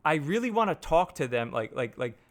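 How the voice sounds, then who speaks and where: A marketer reviewing software rants casually and unscripted to camera, rambling, restarting sentences, and swearing a lot. His voice is a little high and brisk, with big swings in pitch.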